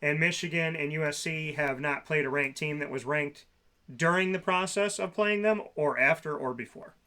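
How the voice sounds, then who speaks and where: A man's voice: fairly high pitch, normal speed, pushed and bright. A man co-hosting a casual sports talk show, sarcastic and ranting about team rankings.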